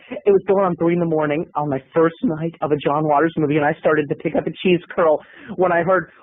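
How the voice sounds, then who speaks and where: A man telling a comic story about himself, acting out the lines of the people in it in squeaky voices. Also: moderate pace. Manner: acts out quotes in squeaky high voices. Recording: tinny phone-like radio sound.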